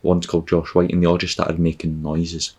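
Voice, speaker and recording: A man's voice: deep voice, monotone, fairly quick, a little mellow, slightly rough. A Scottish man hosting a podcast, rambling through a comic, sarcastic and profane travel monologue. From Scotland. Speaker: podcast host.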